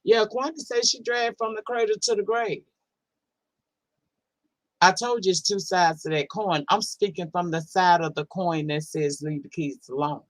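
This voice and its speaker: A woman's voice: medium pitch, steady tone, measured pace, no echo. A woman hosting a casual livestream, reading out chat comments in a blunt, profane, sassy way and drawling words for emphasis. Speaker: livestream host.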